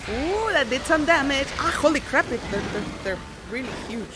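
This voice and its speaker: Lively woman streamer reading chat. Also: high voice, moderate pace, noisy background. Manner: chatty, giggly, reading chat aloud; bursts into squeals and shouts at enemies. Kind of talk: casual gameplay commentary. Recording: music playing behind.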